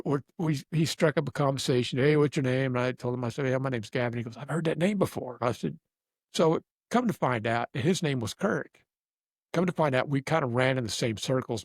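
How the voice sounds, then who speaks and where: A man's voice: mid-range voice, no echo, clean studio sound. Rambling man telling a story. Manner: rambling, self-deprecating, restarts a lot. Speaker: guest storyteller. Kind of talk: casual storytelling chat.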